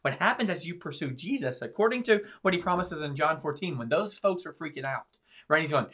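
A man's voice: a little high, expressive, racing, a bit bright, slightly rough. A man talking as a pastor in a podcast discussion, preaching with emphatic swings in his voice. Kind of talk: sermon-style podcast discussion.

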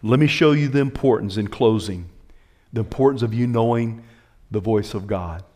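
Animated preaching pastor, man. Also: moderate pace. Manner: animated preaching, pitch swinging high and low, calls to the congregation. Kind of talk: sermon.

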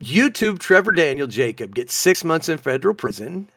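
A man's voice: on the high side, moderate pace, no room sound, clean studio sound. A man co-hosting a casual podcast, reading out odd news stories and reacting with lots of laughter. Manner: animated, laughs often, reads news stories aloud. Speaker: podcast co-host.

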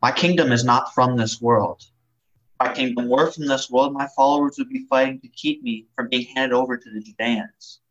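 A man reading the part of Jesus, a calm male teacher on trial, in a dramatized scripture reading, with a steady delivery. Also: mid-range voice, moderate pace, natural voice. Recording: dull lo-fi recording.

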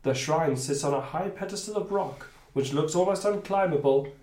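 A man's voice: fairly high pitch, moderate pace, darkish tone. A man running a tabletop adventure as game master, reading the scenes aloud between sweary asides. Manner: reads narration, then breaks off for sweary asides. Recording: echoey room.

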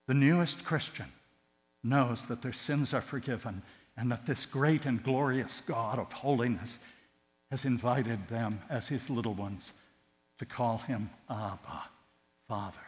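A man preaching a sermon with passion, his voice surging loud on key words and then dropping to a hush. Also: medium pitch, unhurried. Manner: impassioned, swinging between loud emphatic rises and hushed tender drops. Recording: long hall reverb with mains hum.

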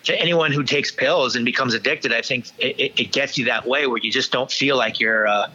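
A man recounts his own past as an interview guest, halting often and restarting his sentences. His voice is bright and forceful, pitched in the middle for a man. The sound is dull and lo-fi. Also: slightly rough. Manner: halting, many restarts and fillers. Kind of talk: candid personal storytelling.

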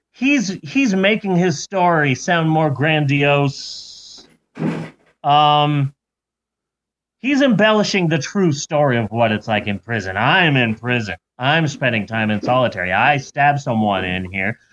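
A man's voice: a little high, lively intonation, slow pace, fairly bright tone, voice pushed down. A man voicing a cocky, boastful male prisoner writing to an author, on a dull lo-fi recording. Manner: boastful, confiding.

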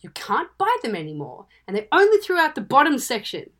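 A woman co-hosting a podcast, chatting casually, blunt and sweary, quick to laugh. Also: sits high, wildly swooping pitch. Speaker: podcast co-host. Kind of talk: casual chat.

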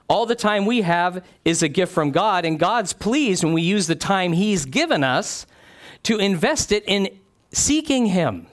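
A man preaching a sermon, reading scripture aloud and explaining it in an earnest, conversational way, often asking his listeners questions. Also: sits high.

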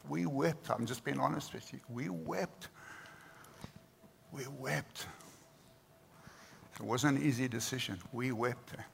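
Gravelly older preacher. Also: male voice, medium pitch, slow pace, long pauses. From South Africa. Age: 60s. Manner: earnest, repeats words for emphasis. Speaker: pastor. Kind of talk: sermon. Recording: reverberant hall, faint noise.

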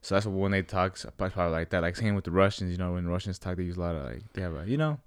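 A man's voice: low voice, rapid-fire, clear, resonant tone, no room sound, studio quality. A young man chatting casually with a friend in loose slangy talk, full of fillers. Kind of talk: casual chat.

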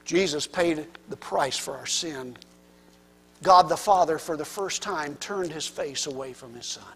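A man preaching a sermon with passion, his delivery swinging from hushed near-whispers to loud, rising cries. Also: fairly high pitch, unhurried, husky. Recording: long reverb of a large hall.

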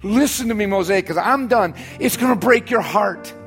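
A man preaching a sermon as pastor, stressing points by repetition and dropping to soft, quiet asides. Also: moderate pace, faint music behind. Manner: preaching with sudden drops to soft, low, intimate asides and emphatic repetition.

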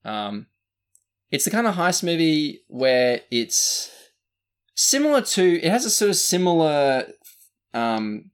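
A man's voice: a little high, sing-song, slow pace, pauses often, clean tone. Rambling Australian man reviewing films. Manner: rambling, many fillers and restarts. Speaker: podcast co-host. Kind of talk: casual movie review chat.

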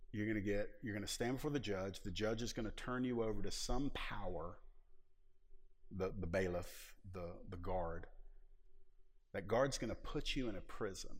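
A male pastor preaching a sermon in a church hall. He is emphatic and folksy, stretching out key words, and he drops to a hushed tone for tender passages. His voice carries a long echo in the large room. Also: fairly low pitch. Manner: emphatic, drawls folksy phrases.

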